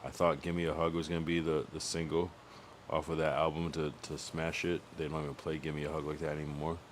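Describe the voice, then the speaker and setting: Low-voiced casual male streamer. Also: level tone, brisk, slight background noise. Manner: rambling, profane, thinks aloud about music. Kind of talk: casual livestream chat.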